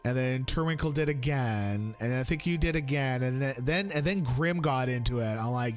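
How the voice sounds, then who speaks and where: A man's voice: big pitch swings, normal speed, few pauses, soft background music. A man in his thirties chatting casually on a live stream, rambling with fillers and restarts. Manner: high squeaky voice when quoting his young son.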